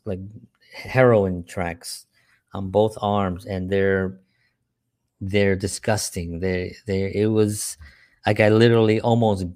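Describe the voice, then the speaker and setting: A man's voice: sits low, a little mellow, no room sound, clean studio sound. A man who works with a church, telling earnest, rambling personal stories with many rhetorical questions. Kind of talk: personal storytelling talk.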